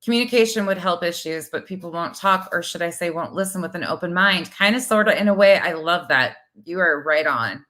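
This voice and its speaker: Middle-aged woman co-host, blunt and animated, slightly low voice, casual livestream chat. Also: fairly quick, few pauses. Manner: blunt, swears freely, animated. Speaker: co-host of a livestream talk show. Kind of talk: casual livestream chat reading viewer comments.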